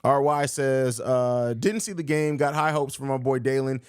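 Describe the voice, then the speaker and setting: A man's voice: mid-range voice, normal speed, clear, resonant tone, no echo, studio quality. A young man hosting a live sports podcast, reading viewer questions and answering bluntly with jokes, calling people bro. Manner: blunt, joking, says bro a lot. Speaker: podcast host.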